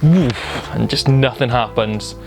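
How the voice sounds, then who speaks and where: A young man hosting a film channel, recapping a series finale in an excited, casual way, swearing and acting out the characters' lines as he goes. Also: mid-range voice, slow pace, creaky, over music. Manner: excitable, swears, acts out quotes. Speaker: film review host.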